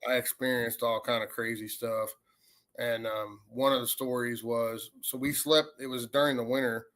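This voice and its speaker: A man, a paranormal investigator telling a ghost story in a rambling, animated way. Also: medium pitch, moderate pace. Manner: rambling, animated retelling with acted quotes. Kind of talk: casual storytelling.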